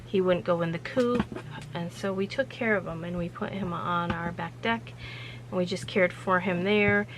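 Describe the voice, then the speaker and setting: A woman's voice: fairly low pitch, fairly even intonation, moderate pace, background noise. A woman hosting her own vlog, telling a story in a rambling, chatty way with lots of loose fillers. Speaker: vlog host.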